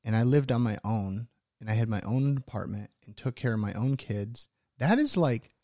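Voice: mid-range voice, lively intonation, normal speed, dark tone, no room sound, studio quality. A host in casual conversation who mostly prompts with short affirmations, then reflects on how far these families have come.

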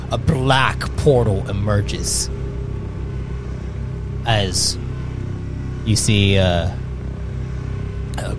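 A man narrating a tabletop game as game master, halting with fillers. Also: fairly low pitch, fairly even intonation, over music.

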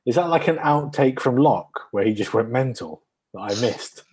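A man's voice: mid-range voice, lively intonation, moderate pace, darkish tone, husky. A Welsh man co-hosting a podcast, guessing with lots of fillers and joking along. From Wales. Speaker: podcast co-host. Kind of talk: casual podcast chat.

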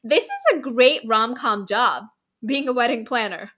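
A woman hosts a casual podcast with a bright, ringing voice pitched a touch high. She rambles with enthusiasm and laughs easily between thoughts. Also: moderate pace. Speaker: podcast host. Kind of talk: casual chat.

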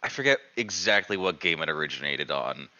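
A man co-hosting a casual gaming podcast, talking in a halting, rambling way with many restarts. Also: extremely low pitch, lively intonation, sharp tone. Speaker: podcast co-host. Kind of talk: casual panel chat. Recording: dull lo-fi mic.

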